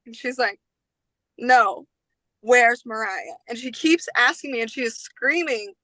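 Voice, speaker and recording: A young woman in her twenties recounts a story as a podcast guest, her voice bright and sharp with a slightly raised pitch. She talks casually, throws in slang, and acts out what others said. The sound is close and dry. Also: normal speed, dry recording, low-quality recording. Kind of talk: emotional personal storytelling.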